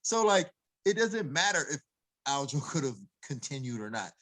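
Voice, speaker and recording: A man with a fairly high voice that swings up and down as he gets fired up, talking as an MMA coach guesting on a podcast. He argues with heat and emphasis and breaks into laughter. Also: sing-song, normal speed, fairly bright tone. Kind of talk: casual podcast chat.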